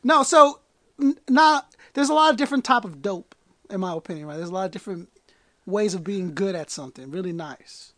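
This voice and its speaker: Male podcast host, casual and energetic, stumbles and restarts often. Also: high-pitched, brisk, dry recording. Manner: energetic, loose, stumbles and repeats words. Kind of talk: casual hip hop podcast chat.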